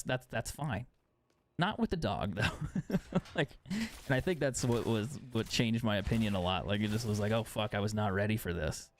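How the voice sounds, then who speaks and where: A young man talks into his streaming mic at home while playing a game. His voice sits a bit low, and his tone is sarcastic and loose with profanity. A faint hiss runs underneath. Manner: sarcastic, swears casually. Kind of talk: casual chat while gaming live.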